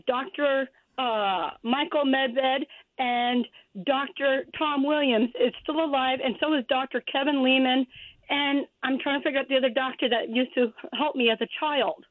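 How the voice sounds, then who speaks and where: Heard on a tinny phone line, a high-pitched woman in her fifties calls in to a radio show for a rambling, chatty conversation, laughing while she talks. The recording is dry.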